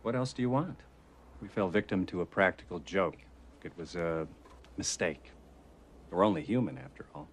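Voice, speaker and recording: A man's voice: deep voice, normal speed, pauses often, a little hiss or hum, close to an everyday voice. An actor playing a defensive male TV station manager in a film. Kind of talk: film acting.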